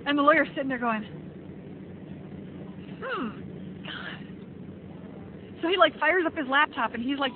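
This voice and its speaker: A young woman vlogging outdoors, chatting casually and saying "like" all the time as she tells stories. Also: high voice. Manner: chatty, peppers speech with "like", animated storytelling. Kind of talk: casual chat. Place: outdoors at an airport, wind. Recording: lo-fi phone-like band, loud wind noise.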